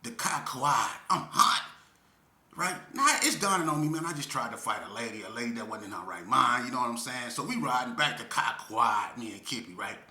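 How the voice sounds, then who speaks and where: Bright-voiced man telling street stories. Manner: animated, drops low and slow when grieving. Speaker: storyteller vlogger. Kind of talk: casual storytelling. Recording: echoey room.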